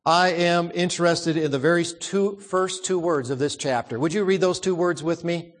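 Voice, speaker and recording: A man's voice: on the high side, normal speed, long reverb tail. A man preaching a sermon, emphatic, repeating words and asking the congregation questions.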